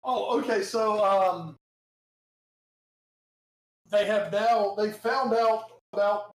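A man co-hosting a podcast in casual chat, excitable and animated, breaking into shouted asides. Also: sits high, slow, reverberant, low-quality recording. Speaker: podcast co-host.

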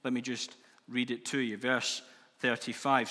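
Forceful preacher in a reverberant hall. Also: male voice, mid-range voice, level tone, a little slow. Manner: earnest, emphatic, builds in intensity. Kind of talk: sermon. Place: church hall.

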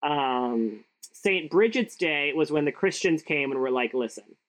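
A woman's voice: deep voice, expressive, a little slow, low-quality recording. A young woman cohosting a podcast in casual chat, giggly and sarcastic, with lots of "like".

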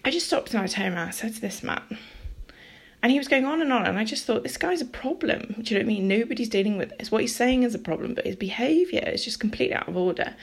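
Gravelly-voiced woman telling a story. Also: on the high side, quick pace. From near Liverpool, England. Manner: rambling, animated, acts out dialogue. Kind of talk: casual personal storytelling.

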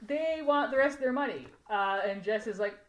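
A woman's voice: fairly high pitch, animated, normal speed. A woman co-hosting a podcast, recapping an episode in casual chat, giggling and acting out the characters' lines. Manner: chatty, giggly, acts out characters' lines in quotes. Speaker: podcast co-host. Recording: roomy echo.

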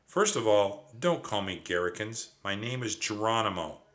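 A man voicing a fussy, nervous grown male mouse in a storybook read-aloud, with high-strung, flustered outbursts. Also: expressive, moderate pace, a bit bright. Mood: indignant.

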